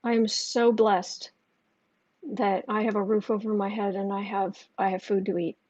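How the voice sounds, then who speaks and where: A woman's voice: mid-range voice, level tone, fairly quick, a little mellow. A woman in casual live-stream chat as a tarot reader, talking in an emotional, rambling flow full of restarts. Her voice sits in a middling range. The sound is dull and lo-fi, and dry with no room echo. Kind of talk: casual live-stream chat, reading viewer comments aloud.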